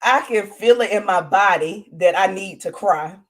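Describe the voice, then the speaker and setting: A woman's voice: mid-range voice, normal speed, background noise. A woman, chatting candidly and laughing often as a co-host. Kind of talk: casual chat.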